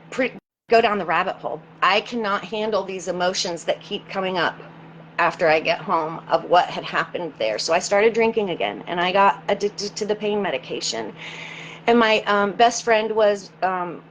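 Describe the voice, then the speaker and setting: A woman guest in an interview, telling a personal story in an earnest, halting way and often repeating words as she searches for them. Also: mid-range voice, a bit bright, a little hiss or hum, poor audio.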